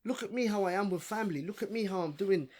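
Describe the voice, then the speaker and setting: A man's voice: sits high, fast talker. A young man, a podcast guest ranting in casual chat, swearing and saying bro a lot. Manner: animated, swears a lot, says bro often.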